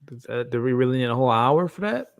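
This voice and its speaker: A man with a mid-range, creaky voice talks fast and expressively while hosting a live reaction stream. He's candid and chatty, speaking straight to his viewers in the live chat. The recording is dry and studio quality.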